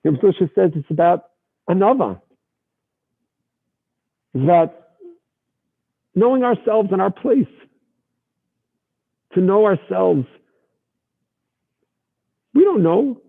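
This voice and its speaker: Animated rabbi telling a story, tinny line. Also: male voice, sits high, a little slow, vocal fry, pauses often. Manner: animated storytelling sprinkled with Yiddish and Hebrew terms. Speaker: rabbi teacher. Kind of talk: storytelling Torah lesson.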